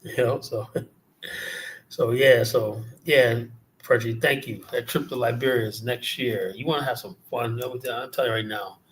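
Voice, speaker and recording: Brief: New man, livestream host, loose profane rant, mocking asides, mid-pitched voice. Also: fairly even intonation, unhurried, a bit bright. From South Jamaica, Queens, New York.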